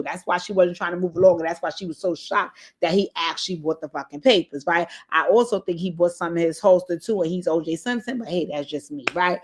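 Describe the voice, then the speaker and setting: A woman giving casual, candid commentary on a reality show, emphatic and profane, often tagging "right?" onto her points. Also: lowish voice. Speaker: reality TV recap host.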